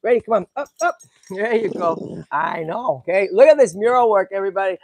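Middle-aged man, chatty and excitable, fairly high voice, dry close sound. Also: a little fast, dry recording. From Boston area. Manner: chatty, excitable, talks to animals and viewers. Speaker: tortoise sanctuary host. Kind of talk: casual walk-and-talk vlog.

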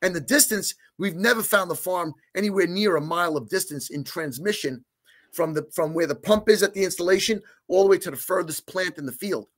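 A man as an interview guest, telling a story in a lively way, acting out dialogue with many restarts. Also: sits high, a little fast. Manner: talks with many restarts and filler. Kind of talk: animated storytelling.

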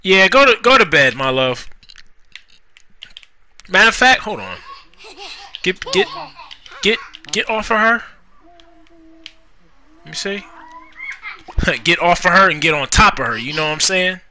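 Young man, casual gaming commentary, high voice, lively swings, profane, fussing at game characters. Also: unhurried, pauses often, slight background noise. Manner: animated, profane, talks to the game characters, rhymes jokingly. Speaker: gaming YouTuber. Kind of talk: casual Let's Play commentary.

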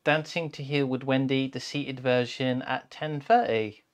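A man's voice: mid-range voice, steady tone, a little slow. A man co-hosting a community live stream, who reads out the schedule and introduces a picture book in a playful, self-mocking way. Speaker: co-host.

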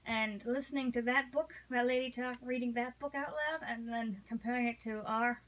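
Woman co-host, higher voice, chatty and animated in casual conversation. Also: moderate pace, muffled recording. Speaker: read-along podcast co-host. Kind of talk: casual chat.

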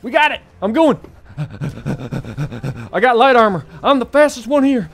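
A man hosting a gaming channel, giving excitable let's play commentary full of yelps and laughter. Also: fairly high pitch, normal speed, gravelly.

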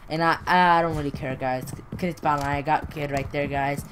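A woman giving rambling, excitable commentary on her gameplay from a room at home, talking straight to viewers and clearing her hoarse, fading voice. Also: deep voice, fairly quick. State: losing voice, clearing throat. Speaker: gaming video host. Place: home room, brother nearby. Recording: noisy home recording.

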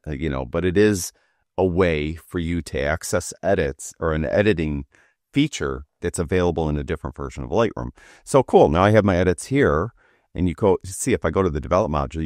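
A man walking through a software feature in a casual screen-recorded tutorial, talking while he clicks, with relaxed fillers. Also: very deep voice, no echo, clean studio sound.

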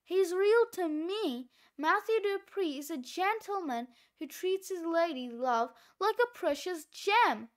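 Soft, wistful older schoolwoman, unhurried, storybook, voiced by a woman. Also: very high-pitched, animated, heavily acted. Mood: tearful. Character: sentimental older woman school staffer, tearful. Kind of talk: storybook read-aloud.

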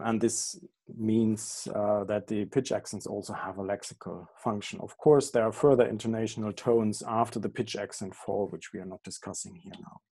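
A man giving an academic lecture over slides on an online call, halting often with ums and correcting himself mid-phrase. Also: mid-range voice, a little mellow. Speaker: guest lecturer.

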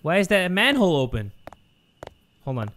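Excitable high-voiced young man gaming. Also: moderate pace, slight background noise. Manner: loud, excitable, crude jokes, shouting in panic. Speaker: gaming YouTuber. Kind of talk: horror game let's play commentary.

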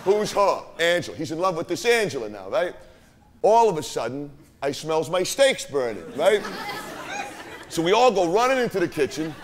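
A man with a fairly high, very animated voice plays a cocky, foul-mouthed street kid on a theater stage, boastfully recounting a wild party and constantly asking "right?". He speaks at normal speed, with a faint crowd and slight background noise in this live character monologue.

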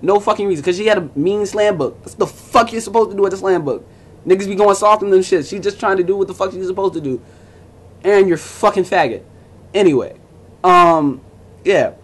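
A man's voice: high voice, fairly quick. A young man vlogging to camera in a casual, profane rant, blunt and mocking as he talks over music and forum posts.

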